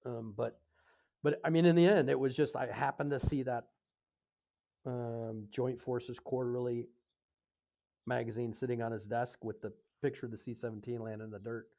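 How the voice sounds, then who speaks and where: American guy in his 50s telling a long story on a podcast, lots of ums and restarts, mid-pitched voice. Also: fairly even intonation, gravelly, mellow. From United States. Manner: halting, full of fillers and self-corrections. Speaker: podcast guest, retired Air Force officer. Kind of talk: casual storytelling in conversation.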